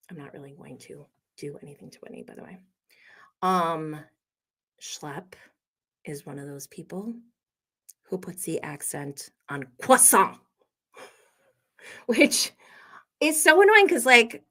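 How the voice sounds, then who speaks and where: A woman's voice: mid-range voice, sharp tone. An American woman hosting a casual reality TV recap, chatty and opinionated, with frequent fillers and laughter. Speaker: host.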